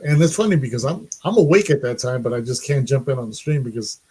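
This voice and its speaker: A man's voice: medium pitch, quick pace, darkish tone, slightly rough. Chatty middle-aged man streaming live. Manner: chatty, laughs often. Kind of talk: casual live stream chat.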